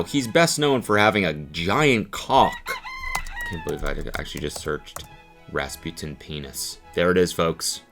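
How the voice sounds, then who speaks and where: A man in his thirties doing comedic reaction commentary on podcast clips, swinging into loud goofy voices and crude jokes. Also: deep voice. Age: 30s. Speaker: commentary host.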